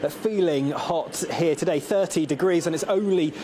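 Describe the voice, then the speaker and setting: High-voiced male beach reporter. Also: moderate pace, slight background noise. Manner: clear, steady on-location delivery. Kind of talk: live field report. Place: outdoors at a beach.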